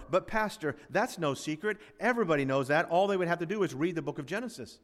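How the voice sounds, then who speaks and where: A man's voice: a little high, a bit bright. Emphatic preacher man in a reverberant hall. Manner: emphatic preaching with rhetorical questions. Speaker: pastor. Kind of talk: sermon. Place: church sanctuary.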